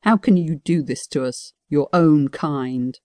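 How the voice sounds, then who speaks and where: A woman voicing a stern, proud male king who speaks in a measured, reproachful way in an audiobook. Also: deep voice, warm tone, no room sound.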